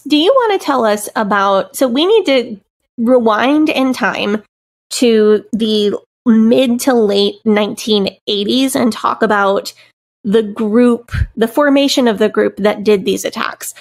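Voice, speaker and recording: Female podcast co-host, young adult, slightly high voice, reflective and thoughtful in chat. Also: measured pace, vocal fry.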